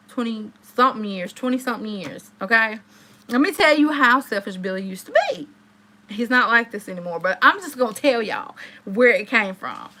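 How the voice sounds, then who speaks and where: Woman, thirties, bright tone, fairly high voice, animated, chatty, casual storytelling to a live audience. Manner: animated, chatty, addresses viewers directly. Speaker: live-stream host.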